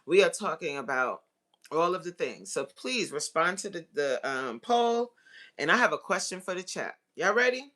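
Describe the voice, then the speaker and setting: A woman coaching on relationships in a casual live-stream chat, excitable and talking straight to her viewers as y'all. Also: fairly low pitch, normal speed.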